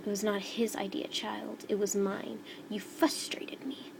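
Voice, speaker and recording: A woman's voice: mid-range voice, level tone, measured pace, gravelly, in a whisper, poor audio. A woman voicing a cold faceless monster man. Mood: menacing. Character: tall faceless male monster, stern and cold.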